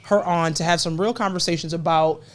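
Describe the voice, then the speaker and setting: A lively woman co-hosting a podcast, bubbly and quick to laugh. Her voice sits a little low for a woman, and she talks in an easy, casual way. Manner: upbeat, energetic, laughs often. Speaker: podcast co-host.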